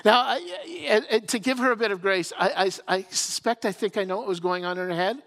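A pastor preaching conversationally, often restarting and repeating words as he builds a point. The voice sits at a middle pitch and rings with a long reverb from a large hall or church. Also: brisk, fairly bright tone. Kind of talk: sermon.

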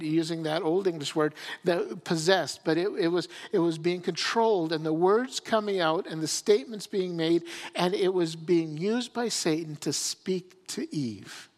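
A pastor preaching conversationally, often restarting and repeating words as he builds a point. The voice sits at a middle pitch and rings with a long reverb from a large hall or church. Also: a little slow. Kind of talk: sermon.

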